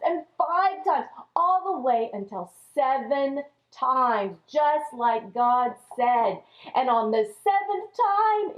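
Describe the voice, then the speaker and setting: Woman, Sunday school teacher, lively kids' Bible story, high voice, muffled lo-fi sound. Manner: animated, acts out characters' lines. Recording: dull lo-fi recording.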